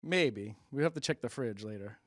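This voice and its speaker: A man's voice: medium pitch, lively intonation, normal speed, no room sound, clean studio sound. Rambling man doing stand-up. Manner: rambling, self-deprecating, muttered asides. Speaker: comedian host. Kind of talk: stand-up comedy monologue.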